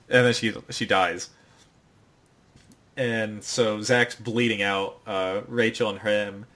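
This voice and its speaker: A man's voice: on the low side, fairly bright tone. A man hosting a podcast, retelling a show's plot in a rambling, casual way full of fillers. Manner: rambling, filler-heavy storytelling. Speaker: podcast host. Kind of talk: casual recap chat.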